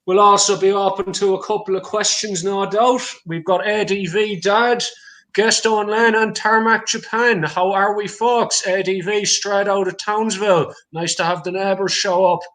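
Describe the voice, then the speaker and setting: A man's voice: high-pitched, steady tone, normal speed, fairly bright tone. An Irish man with a County Clare accent hosting a casual livestream, chatty and reading out viewer comments with casual swearing. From Ireland. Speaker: livestream host.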